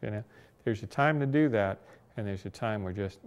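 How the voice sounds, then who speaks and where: A man's voice: lowish voice, moderate pace, smooth. A man in his sixties, a disability rights advocate, telling personal anecdotes in an oral history interview with a wry, reflective humor.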